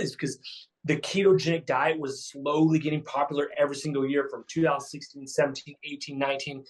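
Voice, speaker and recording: A thirty-something keto fitness coach shares his story as a guest in a casual, chatty style, repeating himself and using many fillers. His voice has a fairly high pitch, and the recording is rough.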